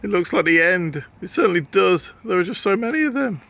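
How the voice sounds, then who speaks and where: Anxious clever boy, read by a man; excitable storybook voice, bright tone. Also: fairly low pitch, a little slow, breathy edge, heavily acted. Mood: worried.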